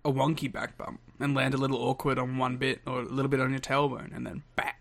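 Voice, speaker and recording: A man's voice: medium pitch, little pitch movement, fast, creaky, fairly bright tone. A man co-hosting a casual podcast, joking around, laughing often and putting on voices. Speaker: podcast co-host.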